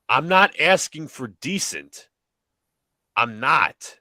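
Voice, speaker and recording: A man's voice: on the high side, animated, a little slow, bright, forceful tone, no room sound. A man hosting a sports podcast, arguing his points emphatically and repeating lines for effect. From New York area. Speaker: podcast host. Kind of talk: animated sports debate.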